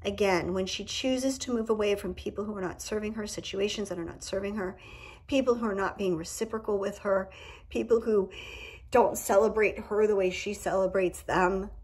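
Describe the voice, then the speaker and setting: Husky-voiced woman giving a candid tarot reading. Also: mid-range voice, steady tone, moderate pace, darkish tone. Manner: candid and profane, with emphatic asides. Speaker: tarot reader. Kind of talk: casual tarot reading to camera. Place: indoors at home.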